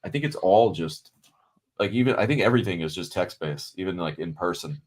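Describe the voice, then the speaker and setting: A man's voice: low-pitched, a little fast. A man hosting a podcast, talking bluntly and casually, calling listeners brother. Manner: blunt, conversational, calls people brother. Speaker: podcast host.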